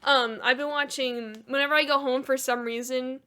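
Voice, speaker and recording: A young woman co-hosting a podcast, chatty and quick with asides, laughing often. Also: sits high, fairly even intonation, sharp tone, clean tone. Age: young adult. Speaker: podcast co-host. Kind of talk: casual chat.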